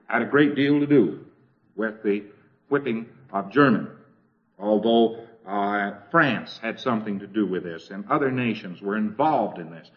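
Wry man lecturing on a dull recording. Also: fairly low pitch. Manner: wry, conversational, repeats phrases while thinking. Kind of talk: informal lecture to an audience.

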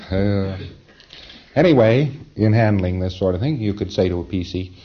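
A man's voice: lowish voice, very animated, drawn-out words, long pauses, dull audio, noisy background. A man giving an informal training lecture, conversational and emphatic, often chuckling at his own points.

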